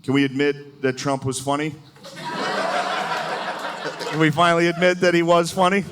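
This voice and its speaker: A man doing a live stand-up set, talking loosely with lots of "like" and quick impressions. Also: on the high side, fairly even intonation. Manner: loose, rambling delivery full of "like" and quick impressions. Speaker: stand-up comedian. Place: comedy club stage with laughing audience. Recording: live room with audible audience noise.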